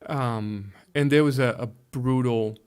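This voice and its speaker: In this conversational interview, the guest is a pastor from Hungary in his fifties with a Hungarian accent. He speaks slowly in a clear, resonant, medium-pitched voice that is a little mellow. Choosing his words with care, he frequently starts over while hunting for the right English term.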